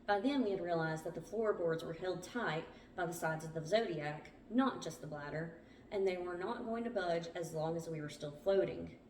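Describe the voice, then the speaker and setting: A woman's voice: on the low side, moderate pace, a little mellow, a little hiss or hum. A woman hosting a book club, reading a survival memoir aloud with small stumbles. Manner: plain storytelling read with small stumbles. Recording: roomy, distant from the mic.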